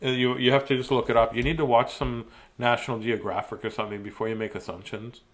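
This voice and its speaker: A man's voice: medium pitch, steady tone, fast talker, slight background noise. A man chatting playfully to young viewers after a bedtime story, in a goofy mood, then singing a good-night song. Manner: goofy, playful, warm sign-off. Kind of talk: casual bedtime chat to viewers.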